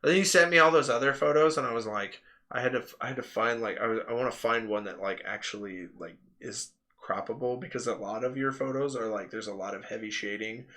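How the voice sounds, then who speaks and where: A man's voice: mid-range voice, fast talker, hardly any pauses, sharp tone. A man hosting a live stream, chatting casually and rambling through anecdotes with lots of fillers and laughter. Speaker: stream host.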